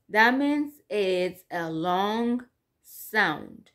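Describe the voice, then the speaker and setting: A woman teaching English letter sounds, repeating words slowly and drawing out each sound. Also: on the low side. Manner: slow, repetitive, drawn-out drilling of sounds. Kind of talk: slow bilingual phonics lesson.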